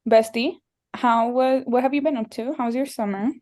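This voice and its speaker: Chatty young woman, slightly high voice. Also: steady tone, normal speed, darkish tone. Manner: chatty storytelling, laughing often. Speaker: podcast host. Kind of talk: casual chat.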